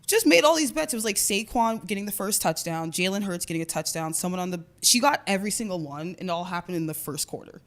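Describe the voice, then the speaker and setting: A woman's voice: lowish voice, animated, quick pace, few pauses, fairly bright tone. A woman in her twenties co-hosting a podcast, telling a long story in casual chat, swearing and saying "like" a lot. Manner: chatty storytelling, swears often, says "like" a lot. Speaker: podcast co-host.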